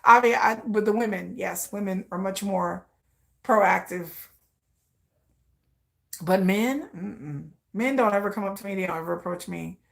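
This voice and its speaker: Woman vlogging, gravelly fry, swears a lot, laughs while she talks. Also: medium pitch, unhurried, a bit bright. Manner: blunt, profane, laughing asides. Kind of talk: candid personal storytelling.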